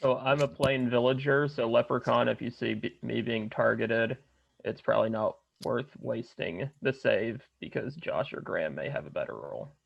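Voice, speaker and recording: A man playing an online party game, slowly checking the rules and planning over a video call. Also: mid-range voice, gravelly, breathy edge. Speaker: game player. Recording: dull lo-fi call audio.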